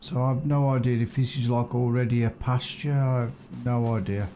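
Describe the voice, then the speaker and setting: A man's voice: mid-range voice, steady tone, normal speed, dark tone. A man casually streaming a farming game, thinking aloud and chatting with viewers. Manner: musing, unsure, chats with viewers. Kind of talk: casual live-stream commentary. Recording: constant background noise.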